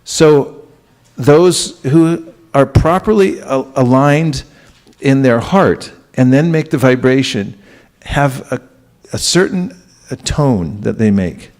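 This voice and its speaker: A man's voice: mid-range voice, animated, slow pace, darkish tone. A man giving a spiritual lecture to a live audience, talking conversationally and often putting questions to the listeners. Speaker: spiritual teacher.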